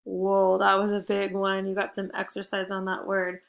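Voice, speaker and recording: Woman, teacher, young children's spelling lesson, slow, clear, encouraging, upbeat. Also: mid-range voice, monotone. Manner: slow, deliberate word-by-word modeling.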